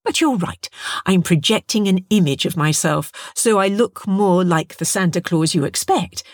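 A woman voicing a kindly female sea creature who poses as Santa Claus and talks in a gentle, agreeable way. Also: lowish voice, expressive, normal speed, dry recording, studio quality.

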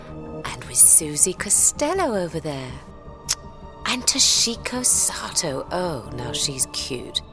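A woman's voice: sits low, exaggerated voice. An actress playing a breezy, flirtatious woman who runs a secret agency, talking in a teasing, playfully commanding way in an audio drama. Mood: purring. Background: music score.

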